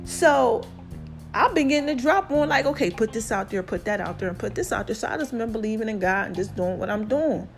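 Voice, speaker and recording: A woman's voice, pitched a little high, carries a New Jersey accent blended with a Southern lilt. She rambles in animated slang, telling her viewers about her faith. Light music plays faintly behind her. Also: a little fast. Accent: New Jersey mixed with Southern US. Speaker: vlogger. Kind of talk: casual faith testimony vlog.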